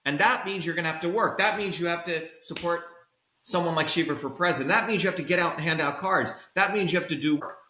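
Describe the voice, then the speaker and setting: Profane, combative man with a bright edge. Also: on the high side, quick pace, reverberant, slight background noise. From India. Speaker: podcast guest, political candidate. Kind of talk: heated political rant.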